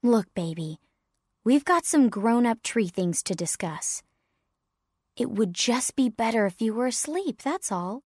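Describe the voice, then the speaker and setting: A woman voicing a worried, pessimistic father pine tree in a lowered, grumbling tone. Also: expressive, measured pace, darkish tone, breathy edge, no room sound, studio quality. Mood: gloomy.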